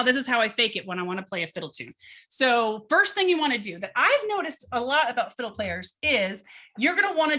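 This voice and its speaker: Bright-voiced chatty woman violin teacher. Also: on the high side. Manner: chatty and upbeat, with fillers and asides. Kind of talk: casual demonstration lesson. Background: violin playing between phrases.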